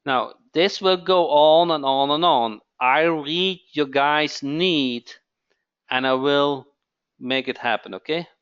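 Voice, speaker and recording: A man hosting a live webinar sales pitch, who keeps asking "okay?" and repeats his phrases. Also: slow, fairly bright tone, clear, resonant tone, lo-fi sound. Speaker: webinar host.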